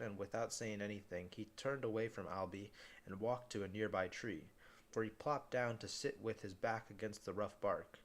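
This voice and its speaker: A man reading a novel aloud in a casual way, often stumbling and restarting words. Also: on the low side.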